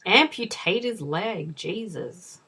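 A woman's voice: medium pitch, animated, slow pace, pushed and bright, slightly rough. A woman giving casual commentary over a film, wry and swearing, slipping into muttered asides. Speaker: movie watch-along co-host.

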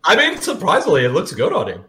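A man's voice: sits high, wildly swooping pitch, fairly quick, a crowd in the background. A man co-hosting a casual movie commentary, joking and laughing often. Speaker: podcast co-host watching a film. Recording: roomy echo.

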